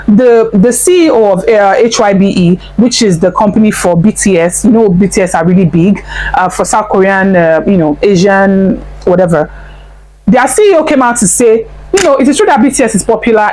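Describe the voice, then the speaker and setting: A woman from Nigeria with a Nigerian accent, hosting a casual commentary vlog. She talks in an animated way, repeats phrases for emphasis and laughs often. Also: mid-range voice, low-quality recording. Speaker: commentary channel host.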